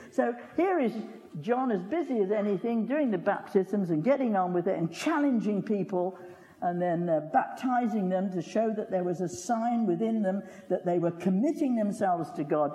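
An older man preaching in a long-reverb church hall, his voice darkly mellow and lively in pitch. He talks in a folksy, chatty way, with asides and questions to his listeners. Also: normal speed. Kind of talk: sermon.

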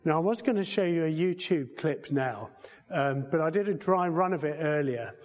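Conversational preacher in a reverberant hall. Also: male voice, on the high side, normal speed, a little mellow. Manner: conversational, repeats phrases and restarts, asks rhetorical questions. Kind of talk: sermon.

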